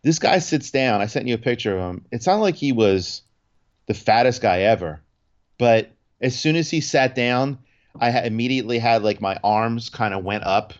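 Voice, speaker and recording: A man's voice: medium pitch, normal speed, dull audio. A man co-hosting a podcast, telling a story in casual chat with lots of restarts and fillers. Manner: animated storytelling, many restarts and 'like'. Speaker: podcast co-host.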